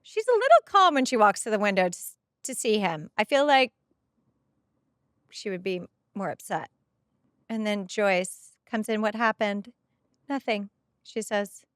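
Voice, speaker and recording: A woman's voice: medium pitch, very animated, a little slow, fairly bright tone, dry recording, studio quality. A middle-aged woman hosting a podcast, talking on a headset mic in an emotional, gushing way as she comments on a show episode. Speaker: podcast host. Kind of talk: casual episode rewatch commentary.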